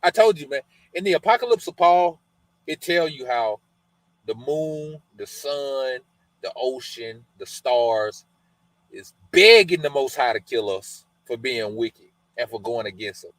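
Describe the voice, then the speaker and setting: A man's voice: mid-range voice, expressive, unhurried, fairly bright tone, no room sound, poor audio. A man hosting a podcast, reading scripture aloud and breaking off into loose, colloquial commentary, often adding "man" and "you know" as he talks. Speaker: podcast host.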